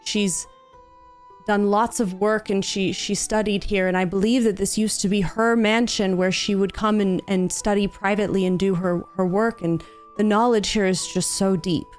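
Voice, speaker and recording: A woman narrating a tabletop game as dungeon master, in measured storytelling. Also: medium pitch, steady tone, faint music behind.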